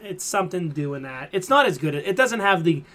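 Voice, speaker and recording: Podcast host, male, slightly high voice, rambling and filler-heavy recap style. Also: animated, normal speed, sharp tone. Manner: rambling retelling full of fillers. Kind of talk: casual chat.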